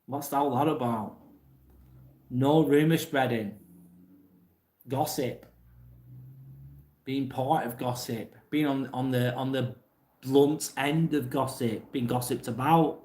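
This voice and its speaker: An English man talks casually and bluntly through a live stream, reading out viewers' messages and giving straight answers. His voice sits at an ordinary middle pitch. The room around him is echoey. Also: slow pace, long pauses, darkish tone. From England. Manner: blunt, plain-spoken, swears casually. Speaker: livestream host reading chat.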